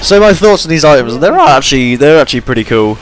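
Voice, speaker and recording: A man's voice: a little high, sing-song, quick pace. A tired young man giving rambling, chatty commentary over his gameplay, yawning between points. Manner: rambling, chatty, self-deprecating.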